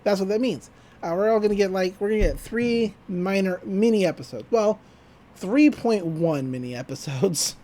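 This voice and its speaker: A podcast host in a casual recap of a cartoon episode, animated and often laughing, slipping into quick character voices. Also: medium pitch.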